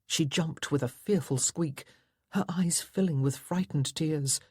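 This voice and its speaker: Low husky woman narrating a romance. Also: a little slow, a little mellow, dry recording, studio quality. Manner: dramatic, tense storytelling. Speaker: audiobook narrator. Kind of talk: scripted narration.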